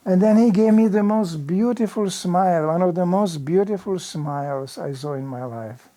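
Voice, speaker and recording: The older visiting preacher, voice sitting high and pace moderate, recounts a vivid anecdote during a storytelling sermon in a temple hall. He speaks loosely and conversationally, leaning on "you know" and acting out the bumps and noises in the tale.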